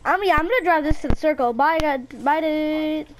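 A woman's voice: sits high, normal speed, slight background noise. A woman in casual gaming chat with a friend, bossy and teasing. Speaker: gamer.

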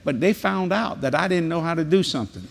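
A man's voice: fairly high pitch, fairly quick, creaky. Folksy preacher, older man. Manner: folksy, animated, drawling storyteller. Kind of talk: sermon with storytelling and prayer. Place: large convention hall.

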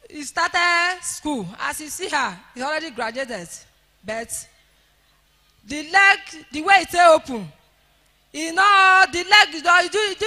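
A Nigerian woman giving an emotional church testimony, rising to shouts of praise. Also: high-pitched, in a large hall.

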